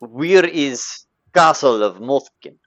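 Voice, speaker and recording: A man voicing a hulking, slow-witted male dragon-folk bodyguard in a tabletop game, with a clumsy put-on accent. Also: a little high, animated, dull audio, a loud crowd. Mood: confused.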